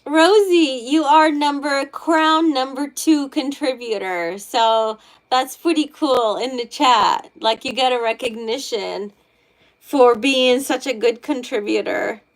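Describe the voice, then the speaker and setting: A middle-aged woman hosting a tarot livestream, chatting with her viewers in a slow, unhurried way. Her voice sits a little high, and she rambles and gushes, restarting her sentences as she goes. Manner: rambling, gushing, many restarts. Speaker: tarot reader, livestream host. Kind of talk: casual livestream chat with viewers.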